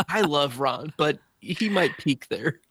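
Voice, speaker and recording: A man's voice: fairly high pitch, wildly swooping pitch, extremely slow, a bit bright, husky. A young man co-hosting a podcast in casual chat, playful and enthusiastic, laughing often. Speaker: podcast co-host.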